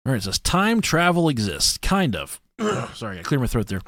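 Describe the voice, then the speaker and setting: A man's voice: mid-range voice, very animated, unhurried, no echo, clean studio sound. Rowdy, profane male podcast host. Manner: reads stories aloud and breaks into loud joking voices. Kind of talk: casual comedic podcast chat.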